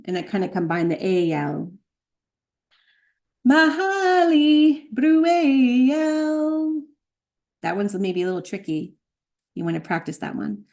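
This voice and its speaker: A woman teaching a spiritual practice, slowly chanting and repeating sacred sound names, with light laughs at her own slips. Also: on the low side, fairly even intonation, creaky, darkish tone. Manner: chants tone names slowly, then explains briskly. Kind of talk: chanting lesson.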